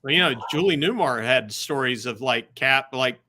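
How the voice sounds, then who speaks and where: Guy on a podcast, bright crisp voice, lots of um and like, just chatting. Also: mid-range voice, animated, moderate pace. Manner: chatty and hesitant, many fillers. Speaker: podcast guest, comic writer. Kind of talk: casual chat.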